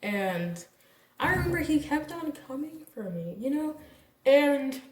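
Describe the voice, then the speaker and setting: A young woman vlogger casually telling a personal story, candid and animated, acting out what people said. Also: high voice, measured pace, distant mic, slight background noise. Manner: candid, animated retelling with quoted voices and laughs. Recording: echoey room, voice a bit off-mic.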